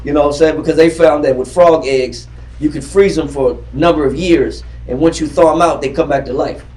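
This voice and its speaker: A man's voice: a little high, steady tone, brisk, a little mellow. A man teaching a Bible class in a classroom, fervent and repetitive, quizzing his readers as he goes. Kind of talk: emphatic scripture teaching. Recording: roomy classroom from far off.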